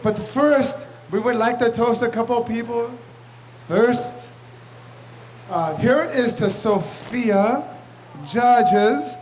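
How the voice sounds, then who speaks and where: A man's voice: very high voice, takes it slowly, a little mellow, a little hiss or hum, low-quality recording. A man giving a brash, rambling roast toast at a club party, laughing between his jokes. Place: banquet room with guests. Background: crowd laughing.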